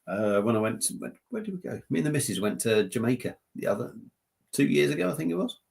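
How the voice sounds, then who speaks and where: A man's voice: mid-range voice, big pitch swings, fast, gravelly, a little mellow. A man from southern England hosting a casual beer-review live stream, rambling and joking with frequent laughs. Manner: rambling, jokey, laughs often. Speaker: beer review channel host.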